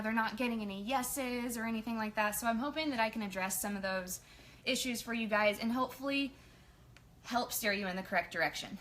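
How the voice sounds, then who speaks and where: Woman, fairly high voice, bright and forceful, energetic chatty pep talk to her sales team. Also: a little hiss or hum. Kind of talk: casual motivational team training.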